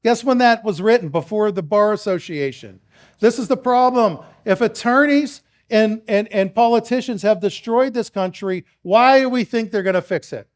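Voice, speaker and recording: High-voiced man telling stories to a crowd. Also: normal speed. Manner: storytelling, acts out quoted exchanges; rambling with restarts, addresses the crowd. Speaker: speaker at a public meeting. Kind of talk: talk to a live audience.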